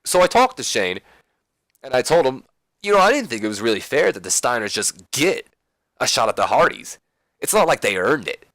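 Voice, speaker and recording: A man's voice: mid-range voice, very animated, rapid-fire, few pauses, no echo, close to an everyday voice. A man voicing an overeager, friendly male wrestler who pesters his tag partner, in a chummy, self-satisfied way. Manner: chummy, pleased with himself.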